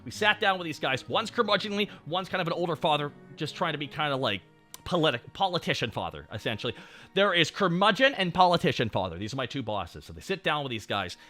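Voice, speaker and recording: A male streamer with a high voice spins an animated, swear-heavy story for his stream. His delivery swings widely, from low grumbling to loud outbursts. Faint music plays underneath. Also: fast talker. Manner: animated, profane, swings between muttering and shouting. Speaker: VTuber streamer.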